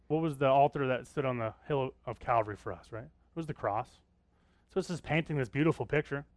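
A man's voice: medium pitch, fairly quick, no room sound. A man preaching a sermon as pastor, talking conversationally and often asking the congregation questions.

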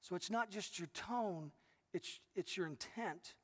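A middle-aged pastor preaches a sermon, telling stories earnestly and restarting his sentences again and again. His husky voice sits high and sounds fairly bright, and he takes his time. A large hall gives the recording a long reverb.

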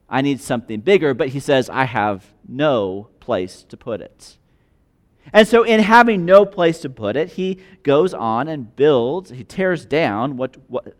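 A man preaching a sermon, reading a passage aloud and then explaining it in plain everyday words. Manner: reads scripture aloud, then explains it in plain conversational terms; voices the rich man's and God's words with shifting pitch and loudness. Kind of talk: sermon on a parable.

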